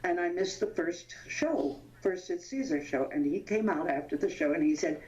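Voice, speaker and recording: An older woman in her eighties with a low voice reminisces as an interview guest. She tells stories animatedly, laughs often and pauses to hunt for names. The sound is dull and lo-fi. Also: lively intonation, a little mellow. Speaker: interview guest, veteran actress. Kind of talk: anecdotal reminiscing.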